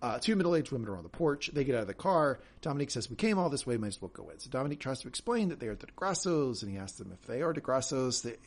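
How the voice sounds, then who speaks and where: A podcast co-host chats casually through a TV episode recap, often repeating words as he starts a thought. He's animated, with a mid-range voice that races along with hardly any pauses.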